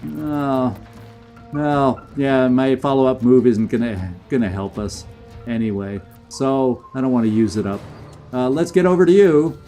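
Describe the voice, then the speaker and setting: A man streaming a video game, chatting and commentating as he plays, getting excited and laughing often. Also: medium pitch, unhurried, faint music behind. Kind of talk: live gameplay commentary.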